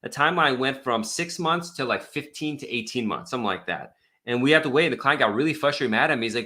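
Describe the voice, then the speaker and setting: A man's voice: medium pitch, quick pace, pushed and bright. A man who is an immigration attorney answers viewer questions on a live stream in a blunt, exasperated, rambling way.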